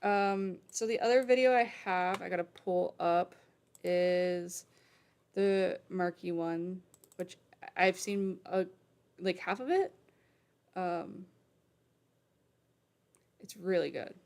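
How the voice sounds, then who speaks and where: A woman streamer talks in a fairly low voice with a gravelly fry running through it. Her casual commentary rambles from one point to the next, full of fillers and frequent swearing. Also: steady tone, takes it slowly, long pauses, darkish tone. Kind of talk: casual commentary while reading an article aloud.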